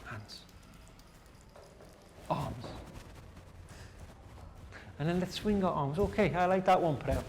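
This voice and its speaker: A man teaching a class, leading slow repeat-after-me drills in a clear, encouraging way. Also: fairly high pitch, lively intonation, darkish tone, slight background noise. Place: classroom with students.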